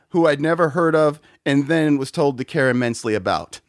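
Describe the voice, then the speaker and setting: Man, somewhat high voice, profane rant, casual podcast talk, dry sound. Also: normal speed, hardly any pauses, no room sound. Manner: profane, ranting, laughs between points. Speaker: podcast host. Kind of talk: casual chat.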